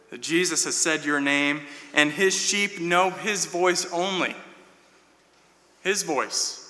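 Earnest pastor guy preaching, really bright sharp voice, big echoey church hall. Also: a little high. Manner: earnest, builds in waves, drops soft for quoted words. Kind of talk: sermon. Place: church sanctuary. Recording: long hall reverb.

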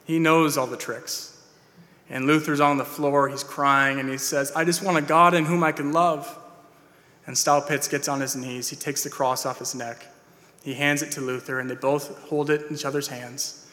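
A man's voice: medium pitch, flat delivery, normal speed, pushed and bright. A man preaching a sermon as pastor to his church, earnest and plain-spoken, with "uh"s and restarts. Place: church sanctuary. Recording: long hall reverb.

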